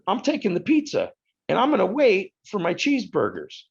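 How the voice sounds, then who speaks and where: A man in his fifties telling a story as a podcast guest, in an animated and profane way. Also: sits high, a little fast, vocal fry, breathy edge, lo-fi sound. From United States. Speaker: podcast guest, retired wrestler. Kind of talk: casual storytelling interview.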